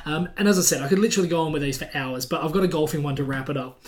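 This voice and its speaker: A man's voice: a little high, rapid-fire. A man co-hosting a casual sports podcast, telling stories animatedly and laughing as he goes. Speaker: podcast co-host.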